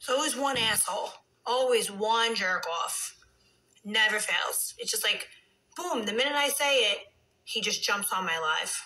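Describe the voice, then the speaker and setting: On a late-night phone livestream, this woman, a reality TV star, chats casually with her viewers and fires back at trolls with plenty of swearing. Her pitch is on the high side and animated, her pace a little slow, her tone sharp. It's a low-quality recording.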